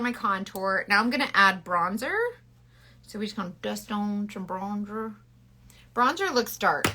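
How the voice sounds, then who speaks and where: Bright-voiced chatty woman makeup teacher. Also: medium pitch. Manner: chatty, playful, answers viewers. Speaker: makeup consultant selling cosmetics. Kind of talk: casual live makeup tutorial. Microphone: phone.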